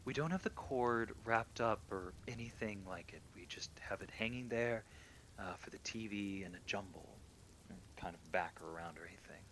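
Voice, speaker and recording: A man calmly reading true horror stories aloud, sometimes dropping to a hushed near-whisper. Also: normal speed, a little hiss or hum. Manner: calm, low-key reading that drops into hushed near-whispers. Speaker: horror story reader.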